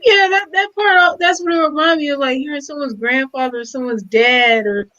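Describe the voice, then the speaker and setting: A woman's voice: high-pitched, a little fast, bright, forceful tone, muffled recording. A woman co-hosting a casual hip hop album review, chatty and a bit hesitant.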